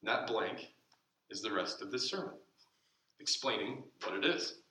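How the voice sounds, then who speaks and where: Male pastor, sermon, bright voice, slow emphatic phrasing, roomy church, distant mic. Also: on the low side, animated. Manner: slow deliberate emphasis, dropping to soft asides. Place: church sanctuary.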